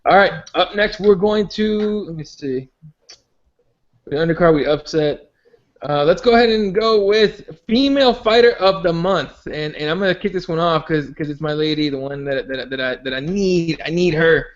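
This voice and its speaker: A man with a noticeably high voice hosts a casual podcast chat. He rambles, repeats words and restarts his sentences, and the recording sounds dull and lo-fi. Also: moderate pace. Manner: rambling, many restarts and fillers. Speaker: podcast host.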